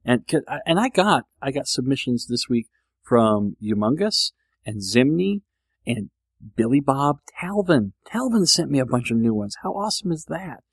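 Gravelly man rambling on a podcast. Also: mid-range voice, big pitch swings, moderate pace, no echo. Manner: rambling, self-deprecating, many restarts. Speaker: podcast host. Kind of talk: casual monologue.

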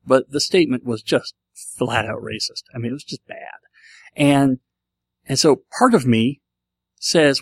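A man's voice: medium pitch, unhurried, long pauses, slightly rough, dry recording. Rambling American man, dry close sound. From United States. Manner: rambling, self-correcting, conversational. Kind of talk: casual solo monologue.

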